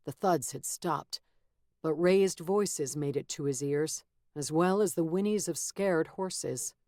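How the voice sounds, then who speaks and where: A woman narrating a fantasy audiobook in a measured, steady storytelling manner, close to a studio mic. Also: sits low, dry recording. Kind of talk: scripted narration.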